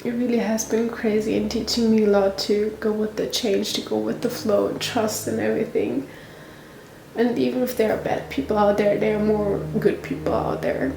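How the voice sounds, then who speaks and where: A woman's voice: mid-range voice, little pitch movement, moderate pace, gravelly, echoey room, rough recording. A young woman vlogging to camera, emotional and teary, tired after a stressful day, talking in a rambling way from a small rented apartment. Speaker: travel vlogger. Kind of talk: personal vlog talking to camera.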